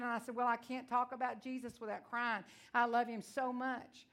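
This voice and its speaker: A woman from Texas with a Texan accent, preaching a sermon in a loud, blunt, emotional and folksy way. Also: a little high, flat delivery, moderate pace, hardly any pauses. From Texas, USA.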